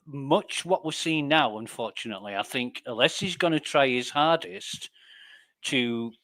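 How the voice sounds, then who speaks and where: A man with an English accent, a guest in a casual chat. He talks politely and at a measured pace. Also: medium pitch, lively intonation, sharp tone, dry recording. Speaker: livestream guest.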